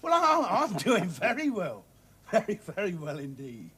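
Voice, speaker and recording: A man's voice: a little high, big pitch swings, normal speed, a little hiss or hum. An actor playing an absent-minded salesman who laughs off the others' teasing. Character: dreamy male salesman Arthur, absent-minded.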